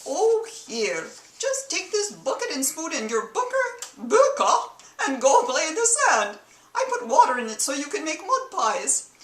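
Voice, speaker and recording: A woman's voice: sits high, sing-song, a little slow, distant mic, voice pushed up. A woman doing a bossy man in a clumsy put-on Middle Eastern accent. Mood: condescending. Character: bossy man scolding his wife, foolish. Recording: roomy echo.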